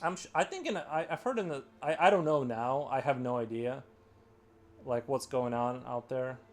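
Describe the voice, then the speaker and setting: A man hosting a live stream, talking loosely to his viewers. He wanders from thought to thought and fills his sentences with "like" and "um." His pitch sits in an ordinary middle range. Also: moderate pace. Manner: rambling, heavy filler "like". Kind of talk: casual live-stream chat.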